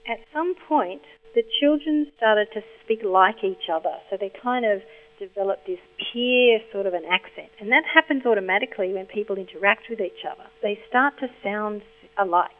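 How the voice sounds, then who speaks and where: A woman's voice: mid-range voice, moderate pace. A woman linguistics expert explaining patiently in an interview. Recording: tinny phone line.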